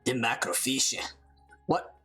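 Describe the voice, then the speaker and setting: A woman with a low voice that swings widely up and down, talking over her gameplay in a relaxed, unhurried way. She chats casually, reads game lines aloud and giggles at her own jokes. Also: slightly rough, soft background music. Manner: chatty, giggly, self-mocking. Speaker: let's play host. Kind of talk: casual game commentary, reading dialogue aloud.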